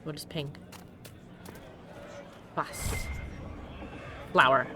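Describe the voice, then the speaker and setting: Low-ish, sing-song, and creaky, her voice is pushed and bright, and she takes things slowly with frequent pauses over a faint hiss or hum. This Connecticut streamer in her thirties jokes her way through a let's-play, laughing often and playing with silly wordplay.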